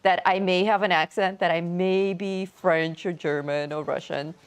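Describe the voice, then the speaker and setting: A woman's voice: lowish voice, steady tone, normal speed, smooth. A woman co-hosting a game livestream, chatting casually and giggling good-naturedly.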